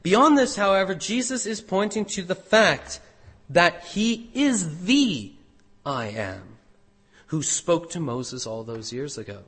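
A man preaching a sermon, emphatic, swinging between loud declarations and quiet, careful explanation. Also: fairly high pitch, lively intonation, takes it slowly, breathy edge. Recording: long reverb of a large hall.

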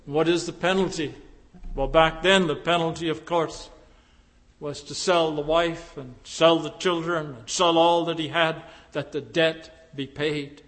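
A man preaching a sermon, slow and deliberate, with emphatic rises into impassioned pleading. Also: on the high side, fairly even intonation, a bit bright. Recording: long reverb of a large hall.

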